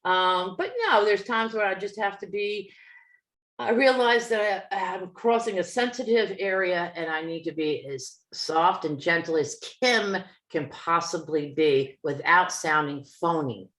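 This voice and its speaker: A woman with a New Jersey accent, co-hosting a podcast, telling a story in a lively way, acting out the people in it and laughing often. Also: on the low side, a little slow, roomy sound. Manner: animated, acts out quoted people, laughs often. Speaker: podcast co-host, medium. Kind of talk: casual storytelling chat.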